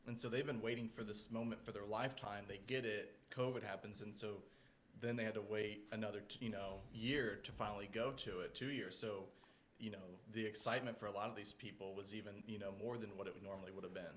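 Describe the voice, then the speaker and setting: A man co-hosting a podcast talks in a relaxed, reflective way. His voice is fairly low. Faint ambient noise sits under it. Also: fast talker. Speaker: podcast co-host and photographer. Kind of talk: casual chat.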